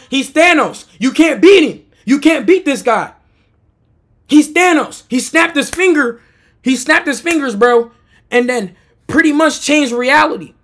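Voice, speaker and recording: A young man, a streamer, telling a story in an excitable way, with shouting and laughing. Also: very high voice. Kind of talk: animated storytelling.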